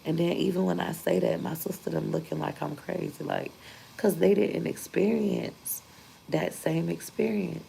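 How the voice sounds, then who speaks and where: A woman's voice: on the low side, fairly even intonation, moderate pace, creaky, mellow, slight background noise, poor audio. A young woman, telling her story candidly and emphatically to her viewers in a casual vlog. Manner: candid, emphatic, repeats points for force. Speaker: vlogger.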